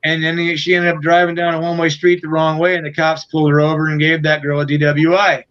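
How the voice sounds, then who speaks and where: A man's voice: fairly high pitch, flat delivery, fast, a bit bright, clean tone, highs cut off. A man guesting on an interview show, telling a profane, rambling tour story in a casual way, full of fillers. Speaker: guest musician.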